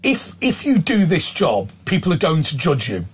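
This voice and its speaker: A middle-aged English man and presenter, chatting casually in a studio and telling animated anecdotes with voices. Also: on the high side, normal speed, slightly rough.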